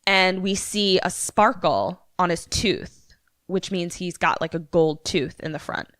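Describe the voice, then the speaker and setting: A woman co-hosting a podcast, casually retelling a movie plot with swearing and animated character voices. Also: lowish voice, unhurried, dry recording, clean studio sound. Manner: animated storyteller, acting out characters' lines. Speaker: podcast co-host.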